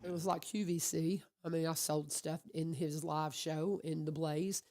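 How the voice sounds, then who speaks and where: A woman hosting a radio show, chatting casually with her guest and telling animated stories. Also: low voice, measured pace. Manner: chatty, animated storyteller who acts out quotes. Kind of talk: casual conversational interview. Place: radio studio.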